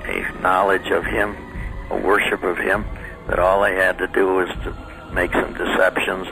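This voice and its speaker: A man's voice: deep voice, creaky, pushed and bright, poor audio. A man giving earnest testimony as an interview guest, telling his story vividly and dramatically. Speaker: guest recounting a near-death experience.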